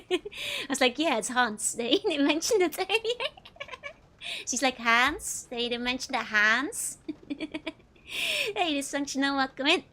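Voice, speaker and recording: A woman's voice: high-pitched, fairly bright tone. A woman streaming a game and chatting casually, giggling often as she comments. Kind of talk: casual let's-play commentary.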